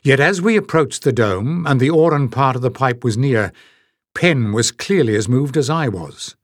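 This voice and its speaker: A tired young man adventurer in a storybook, read by a man, weighing things up in measured speech. His voice sits in the middle of the range. It is a dry, close recording. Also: medium pitch, animated, no echo, natural voice. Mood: thoughtful.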